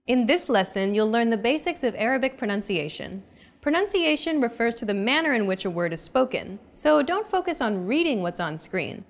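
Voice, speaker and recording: A woman's voice: on the high side, very animated, moderate pace. A young adult woman hosting a language lesson, with a scripted, upbeat coaching delivery.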